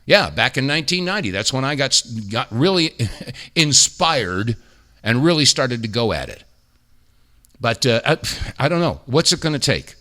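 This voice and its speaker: A man's voice: medium pitch, big pitch swings, moderate pace, pushed and bright. A man from the United States hosting a podcast, ranting in exasperated casual commentary with mocking impressions. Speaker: podcast host.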